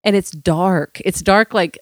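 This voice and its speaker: A woman's voice: lowish voice, measured pace, no room sound, studio quality. A woman co-hosting a podcast in casual chat, rambling and chatty with lots of fillers. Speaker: podcast co-host.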